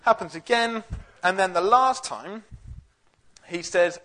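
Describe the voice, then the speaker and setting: A man's voice: high-pitched, slow, pauses often, a bit bright. A young man giving a casual, jokey Bible talk full of fillers and slang. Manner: chatty, jokey, with lots of fillers. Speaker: youth Bible teacher.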